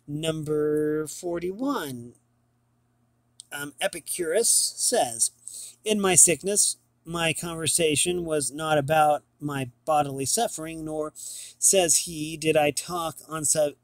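A man's voice: on the high side, a bit bright, no echo. A young man reading an old philosophy text aloud, stumbling and restarting often over the archaic words. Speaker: reader of classic texts.

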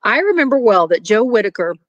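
A woman's voice: fairly high pitch, big pitch swings, brisk, no room sound, dull audio. A woman voicing a stern, heavyset Southern mother who scolds her daughter, in a storybook reading. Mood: scolding. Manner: indignant, scolding.

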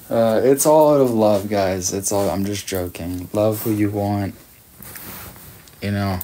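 A man's voice: lowish voice, slow, long pauses, dark tone, slight background noise. A man in his thirties with an Australian accent, chatting casually and teasing his viewers as he reads their messages on a late-night livestream. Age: 30s. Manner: playful, teasing, reads chat aloud.

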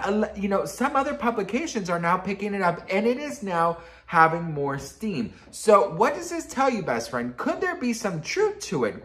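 A sassy young man hosts a chatty gossip vlog, his voice leaping up high for emphasis and dropping low for asides. He swears casually and keeps calling his audience best friend and girl. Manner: sassy, animated, swears and calls viewers girl and bitch. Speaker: pop culture gossip vlogger.

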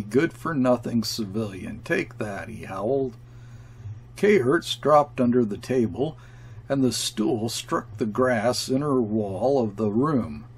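A man narrating a classic story as an audiobook reader, in measured, deliberate delivery. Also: medium pitch, slightly rough.

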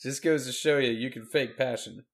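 A man with a gravelly, creaky edge to a mid-pitched voice trades casual talk on a podcast. He ribs his co-host with dry, teasing remarks. He is a pastor speaking offhand with a fellow minister. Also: moderate pace, a little hiss or hum. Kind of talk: casual chat.

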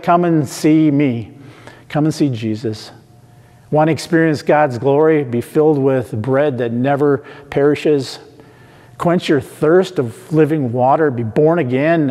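A man preaching an online sermon in a church, slow and emphatic, repeating questions to the listeners. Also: a little high, darkish tone. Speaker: pastor. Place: church sanctuary. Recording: long hall reverb.

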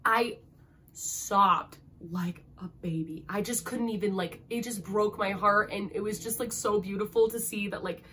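A woman's voice: mid-range voice, fairly even intonation, a little fast, few pauses, fairly bright tone, a little hiss or hum. A young woman reviewing a book in a casual vlog, gushing and emotional, and peppering her talk with "like". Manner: gushing, emotional, heavy use of "like".

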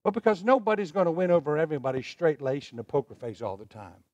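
A man's voice: a little high, very animated, fast, darkish tone, no echo, lo-fi sound. A middle-aged male pastor preaching a sermon, leading the congregation in call-and-response. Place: church sanctuary.

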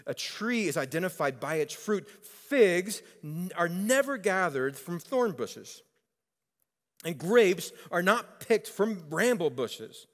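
A man preaches in a relaxed, conversational way, and his voice sits a bit higher than most. He slips into animated storytelling and acts out what people said. A long hall reverb trails each phrase. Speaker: pastor. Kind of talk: sermon.

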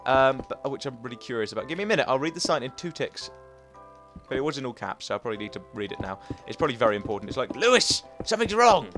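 A man hosting a casual let's play, chatting excitedly to his viewers and his pets. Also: mid-range voice, very fast, faint music behind. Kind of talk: casual game commentary.

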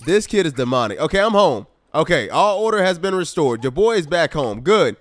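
A man's voice: fairly high pitch, brisk, dry recording. A man doing casual let's-play commentary on a life-simulation game, exasperated and talking straight to his viewers. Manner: animated, exasperated, talks to viewers as y'all. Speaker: gaming YouTuber.

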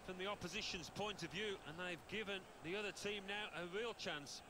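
Male actor as an explanatory in-game pundit, high voice, noisy mix. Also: a little fast, natural voice. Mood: analytical. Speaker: in-game co-commentator. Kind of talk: scripted football analysis.

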